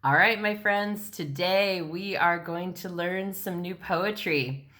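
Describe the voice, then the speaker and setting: A middle-aged woman, an elementary school teacher, giving a recorded lesson in a patient, clear way and clapping out syllables. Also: fairly low pitch, takes it slowly, bright, forceful tone.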